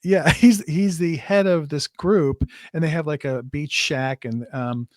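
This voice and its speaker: A man's voice: on the high side, measured pace, darkish tone, no echo. Man retelling a film plot, dry close sound. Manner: rambling plot retelling with restarts. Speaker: film review co-host. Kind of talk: casual film review chat.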